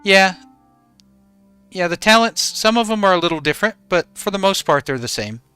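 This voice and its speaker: Male streamer, bright and smooth, relaxed and chatty with viewers, dry close mic. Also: high-pitched, moderate pace, no echo, soft background music. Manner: easygoing, greets and thanks chatters by name. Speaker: game streamer. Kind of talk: live stream chat with viewers. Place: home in regional Australia.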